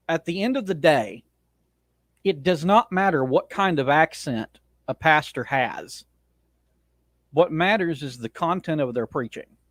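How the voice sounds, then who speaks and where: Male podcast host, solo rant, blunt and opinionated, slightly high voice, dry close sound. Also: no echo. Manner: blunt, opinionated, frequent restarts. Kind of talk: casual monologue rant.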